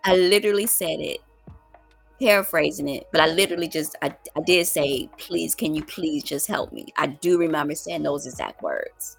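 A middle-aged woman telling a story to her viewers in casual, colloquial talk, calling them y'all and getting loud when excited. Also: low-pitched, moderate pace, vocal fry, husky, faint music behind. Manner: animated, with loud exclamations and laughs. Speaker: vlogger.

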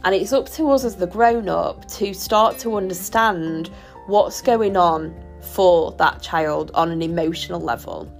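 A woman hosting a solo parenting podcast, talking in a gentle, reflective and reassuring way. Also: on the low side, measured pace, vocal fry, soft background music. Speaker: podcast host.

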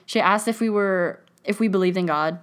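A young woman co-hosting a casual podcast with her friend, chatty and quick to laugh. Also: mid-range voice. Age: young adult. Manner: chatty, laughs easily, interjects. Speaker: podcast co-host. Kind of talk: casual chat.

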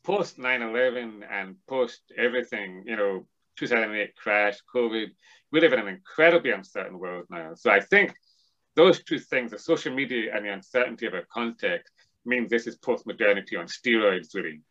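A man's voice: lowish voice, moderate pace, fairly bright tone, muffled recording. A man as an interview guest, explaining ideas in a discursive, lecturing way with frequent restarts. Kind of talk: thoughtful academic discussion.

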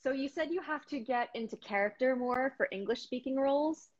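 A woman's voice: sits high, brisk, dull audio. A woman hosting a podcast, asking questions in a chatty, upbeat way over a video call. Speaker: podcast host. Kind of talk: casual interview.

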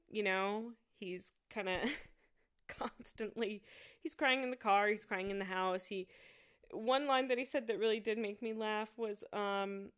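Woman commentator, reflective and hesitant, measured slow pace, smooth tone. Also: mid-range voice, fairly bright tone. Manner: thoughtful, halting, with many fillers and restarts. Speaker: commentator reviewing a show. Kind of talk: casual spoken commentary.

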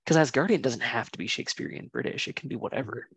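A man hosting a casual movie watch-along chat, talkative and opinionated, with quick asides. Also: mid-range voice, animated, a bit bright, slightly rough, dry recording. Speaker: podcast host.

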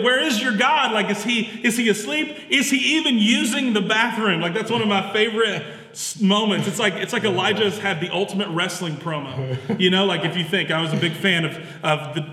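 Bright-voiced preacher man in an echoey hall. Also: sits high. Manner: relaxed, chatty with many fillers and restarts. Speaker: pastor. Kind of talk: conversational sermon. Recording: echoey hall with long reverb.

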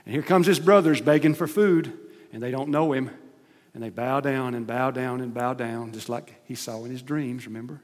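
A man preaching a sermon as pastor, emphatic, rising to loud stressed phrases and dropping to soft asides. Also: medium pitch. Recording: long hall reverb.

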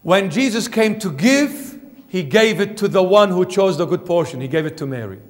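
A man's voice: sits high, animated, moderate pace, big-room sound. A man, a bishop, preaching a sermon emphatically and putting questions straight to his congregation. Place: church.

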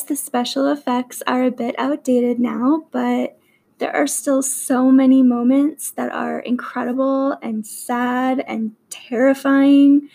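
A woman's voice: high voice, gravelly, mellow, rough recording. A young woman walking through her list of favorite movies in an earnest, enthusiastic way. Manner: earnest and enthusiastic, with emphatic superlatives. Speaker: vlogger reviewing favorite movies. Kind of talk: slow, deliberate countdown of a movie list.

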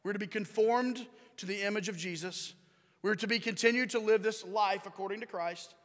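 A man with a high, light voice preaches a sermon to his congregation, talking conversationally, tossing questions to the room and repeating his key lines. His voice rings out with the long reverb of a large church hall. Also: normal speed, fairly bright tone. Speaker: pastor. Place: church sanctuary.

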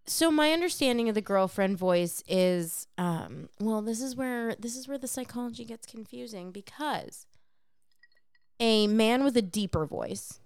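A woman talking casually on a podcast, blunt and freely swearing as she lays out her point at length. Her voice is smooth and resonant, and the sound is close and dry with no room echo. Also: fairly high pitch, animated, measured pace, darkish tone. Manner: frank and profane, explaining at length. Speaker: podcast co-host. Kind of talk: casual chat.

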